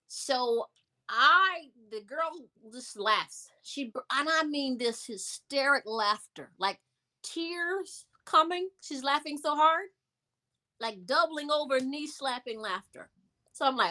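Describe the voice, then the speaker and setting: A young adult woman telling a personal story in a conversation, animated and emphatic, repeating words for effect. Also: a little high. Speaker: guest.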